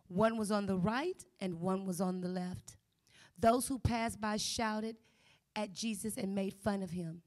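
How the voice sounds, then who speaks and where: A woman's voice: medium pitch, a little slow. Woman reading scripture steadily. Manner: steady, careful reading with small slips. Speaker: scripture reader.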